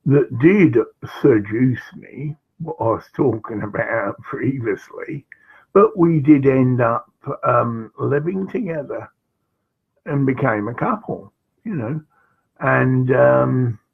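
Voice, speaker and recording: A man recounts an old story in a slow, meandering way, stopping for asides and fillers. His voice is gravelly and a little husky, heard through a dull, lo-fi recording. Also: medium pitch. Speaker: vlogger. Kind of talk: rambling personal anecdote.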